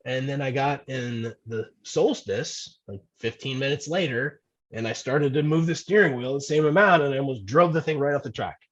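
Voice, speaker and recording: A man's voice: mid-range voice, moderate pace, fairly bright tone, muffled recording. A man talking as a guest in a casual podcast chat, telling stories in a chatty way and often repeating words.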